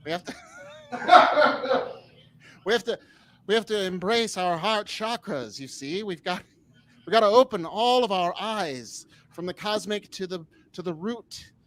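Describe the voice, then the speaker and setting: A man's voice: sits high, expressive, measured pace, pauses often, a bit bright, voice pushed up. A man doing an impression of a grand, new-agey woman politician with an old-movie mid-Atlantic drawl. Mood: grandly mystical.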